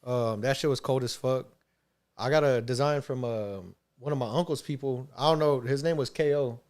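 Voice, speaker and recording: A man telling a story on a podcast in a relaxed, slang-heavy way, swearing a lot and laughing often. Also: mid-range voice, normal speed. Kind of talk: casual storytelling.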